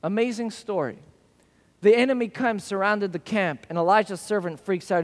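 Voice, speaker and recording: High-voiced preacher in a hall. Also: male voice, fairly quick. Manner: storytelling, acts out quoted voices. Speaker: pastor. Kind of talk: sermon. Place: church service hall. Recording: church hall reverb.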